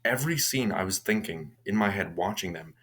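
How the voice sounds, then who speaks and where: Low-voiced man rambling through a movie recap. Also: animated, a little fast, fairly bright tone, slightly rough. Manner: rambling, with frequent restarts and fillers. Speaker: movie reviewer.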